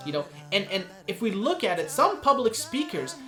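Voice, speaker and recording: A man giving a casual lesson on performing poetry, animated and showing the delivery he describes. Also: high-pitched, roomy sound, faint music behind. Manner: animated, demonstrates voices and pauses. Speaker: spoken word poetry teacher.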